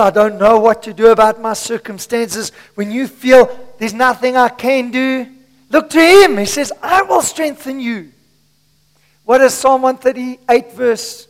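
A male pastor preaching a sermon to his church, swinging between shouts and hushed asides, his voice strained from shouting. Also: very high voice, creaky, big-room sound. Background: congregation.

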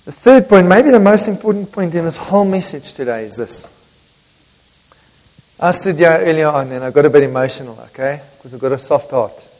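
An older man delivers a sermon in a high, lively voice. He jokes with his congregation and swings between loud emphasis and near-hushed lines. His voice rings with long reverb through the church hall. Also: brisk. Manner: emphatic preaching with sudden loud and quiet swings; jokes and talks directly to the congregation. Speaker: pastor.

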